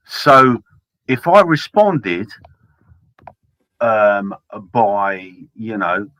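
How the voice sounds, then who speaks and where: A man's voice: fairly low pitch, big pitch swings, extremely slow, a bit bright, no echo, poor audio. A man calling into a stream on his laptop mic, cheeky and teasing, calling everyone mate. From London. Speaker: caller on a stream. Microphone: laptop held in front of face.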